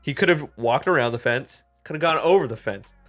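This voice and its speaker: A man, a podcast co-host, telling a story in casual, animated chat, full of swearing and fillers. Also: mid-range voice, fairly quick, faint music behind. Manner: animated, swears a lot, heavy use of "like".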